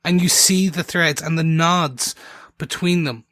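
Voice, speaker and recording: A man's voice: on the high side, measured pace, pushed and bright, dry recording, clean studio sound. A man hosting a TV recap podcast in casual chat, talking eagerly and jumping between points with many restarts. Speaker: podcast host.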